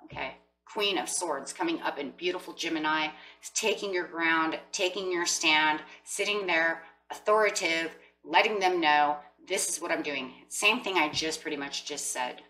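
A woman's voice: low voice, moderate pace, pushed and bright, distant mic, a little hiss or hum, rough recording. A woman giving a chatty tarot reading, acting out what people might say. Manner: chatty, acts out quoted voices with emphasis. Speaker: tarot reader.

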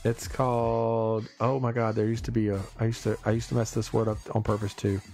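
A man's voice: on the low side, level tone, fast, a little mellow, soft background music. A man hosting a casual live stream, rambling playfully with his viewers, stumbling over and repeating words, and often breaking into laughter.

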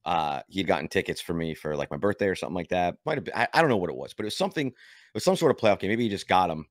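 A man's voice: sits low, expressive, rapid-fire, no echo, clean studio sound. A man co-hosting a podcast, telling a rambling story in casual chat with many restarts. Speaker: podcast co-host.

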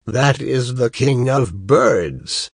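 A man's voice: mid-range voice, lively intonation, very slow, creaky, husky, dry recording, clean studio sound, exaggerated voice. A man voicing a cautious male wolf who explains things, in a plain storybook reading. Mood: explaining.

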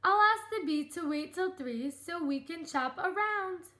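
A woman voicing a cautious, sensible husband spider who talks in a careful, gently worried way. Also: very high voice, expressive, measured pace, full character voice.

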